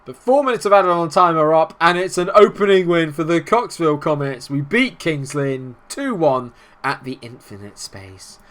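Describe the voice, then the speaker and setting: A young man casually commenting on his football management game, getting excitable and shouting at big moments. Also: a little high, moderate pace. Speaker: gaming YouTuber.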